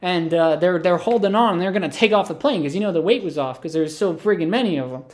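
A man's voice: high-pitched, fast talker. A man telling an absurd comedic story in a rambling, filler-heavy way.

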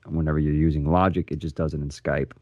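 A man with a very deep voice co-hosts a casual podcast. He talks in a teasing, joking way. His mic sounds dull and dry, a little lo-fi. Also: little pitch movement, fast, a little mellow, no room sound. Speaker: podcast co-host. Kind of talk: casual chat.

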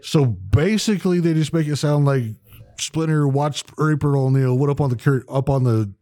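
A man co-hosting a podcast in casual chat, profane and rambling, getting animated as he retells movie scenes. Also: on the high side, moderate pace, no echo. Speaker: podcast co-host.

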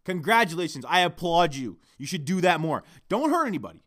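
A man's voice: a little high, big pitch swings, a little fast, fairly bright tone. A man hosting a solo podcast, ranting heatedly and swearing constantly into his microphone. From Canada. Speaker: podcast host.

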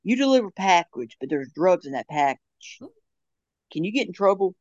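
A young man co-hosting a casual chat, rambling with halting restarts and frequent laughs. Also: high-pitched, very animated, no room sound, highs cut off.

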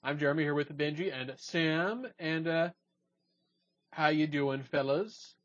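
A man hosting a casual podcast chat, leading the talk and quick to cut in and quibble. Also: fairly high pitch. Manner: leads the discussion, quick to interject and quibble. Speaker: podcast host. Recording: dull lo-fi podcast audio.

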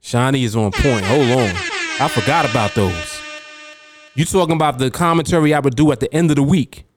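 A man's voice: medium pitch, brisk, over music. A man hosting a podcast as a trading coach, talking casually and emphatically, reading out chat comments and laughing often.

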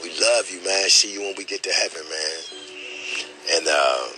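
An emotional middle-aged man hosts his podcast in an extremely deep voice with a very bright, forceful edge. He speaks haltingly, repeats words, and keeps saying "man" as he holds back tears. Faint music plays underneath. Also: poor audio. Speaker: podcast host. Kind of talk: emotional spoken dedication.

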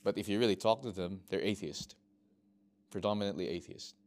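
A man's voice: sits low, a little fast. A middle-aged man from Australia speaking as a missionary at a workshop, telling anecdotes and acting out conversations with frequent restarts. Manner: animated storyteller, acts out dialogue, frequent restarts. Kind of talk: informal workshop talk.

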